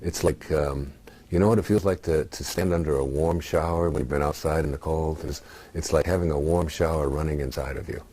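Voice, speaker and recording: A man in his sixties, speaking as an interview guest in a halting, reflective way with many pauses and fillers. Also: very deep voice, steady tone, dark tone, slightly rough. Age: 60s.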